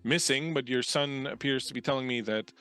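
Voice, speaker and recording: A man voicing a reserved, tasteful woman who is cold and watchful, speaking slowly and primly. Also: mid-range voice, a bit bright, smooth, soft background music, natural voice. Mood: polite.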